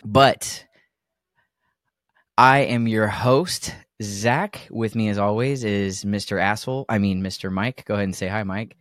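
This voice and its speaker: A man's voice: lowish voice, unhurried, fairly bright tone, no echo, clean studio sound. A man hosting a podcast, chatting in a loose, crude, joking way with lots of fillers. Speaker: podcast host. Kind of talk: casual podcast chat.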